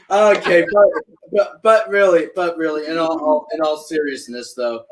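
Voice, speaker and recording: A young man in a casual chat, drawling and quick to laugh. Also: on the high side, steady tone, roomy sound, slight background noise, low-quality recording. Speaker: co-host.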